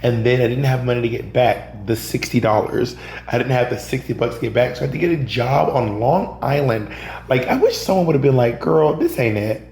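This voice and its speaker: A man's voice: mid-range voice, fairly quick, a little mellow. A man from Georgia in the US, a guest on a podcast, telling stories animatedly and acting out other people's lines. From Georgia, USA. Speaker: podcast guest, drag performer and comedian. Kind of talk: casual storytelling in an interview. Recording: roomy echo with a faint hum.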